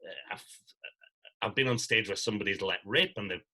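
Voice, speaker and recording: Actor, middle-aged, bright lively anecdote teller on a podcast. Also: male voice, on the low side, fairly quick, slight background noise, low-quality recording. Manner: animated storyteller, acts out quotes. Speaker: guest, stage actor. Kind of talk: casual anecdote-telling.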